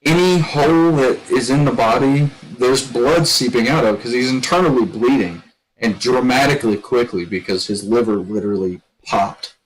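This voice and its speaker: Male storyteller, mid-pitched, rambling casual delivery, light background hiss. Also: moderate pace, rough recording. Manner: rambling, restarts a lot, shouts when quoting others. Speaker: gaming streamer telling a story.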